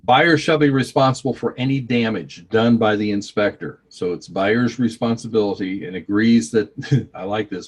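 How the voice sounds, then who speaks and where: A man's voice: on the low side, husky. A man teaching a real estate training, reading contract clauses aloud and explaining them in a folksy, conversational way.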